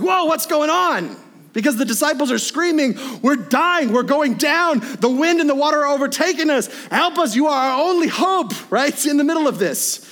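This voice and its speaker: High-voiced man preaching a conversational sermon. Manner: conversational and animated, with asides and tag questions.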